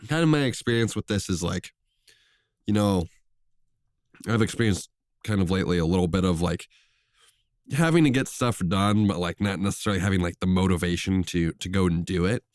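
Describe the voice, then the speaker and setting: A male co-host with a very low voice, a bit under the weather, thinking aloud in a loose, hesitant, reflective way. The recording is dry and close-miked. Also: a little fast, long pauses, dry recording. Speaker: podcast co-host. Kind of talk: casual podcast chat.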